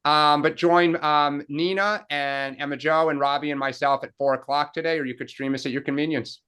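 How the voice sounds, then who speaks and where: A man co-hosting a political talk show. He chats casually and eagerly, with quick asides. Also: on the high side, fairly even intonation, a bit bright, clear, resonant tone.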